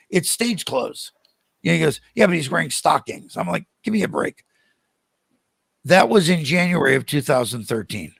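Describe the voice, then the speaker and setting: An older American man, a podcast guest, telling animated stories and acting out the voices of the people in them. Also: a little high, creaky, slightly rough, no room sound. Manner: animated, acts out quoted voices. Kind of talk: storytelling in a podcast interview.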